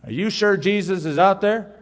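A man voicing a frightened little boy who refuses to go out in the dark, loud and pleading. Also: sits high, normal speed, pitched above the performer's own voice, close to an everyday voice. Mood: scared.

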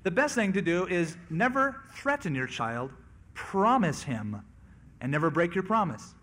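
A man preaches a sermon, talking through scripture in a casual, conversational way. His voice sits a little higher than most men's, and he slips into quoted voices now and then. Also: very animated, a little slow, sharp tone. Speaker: pastor.

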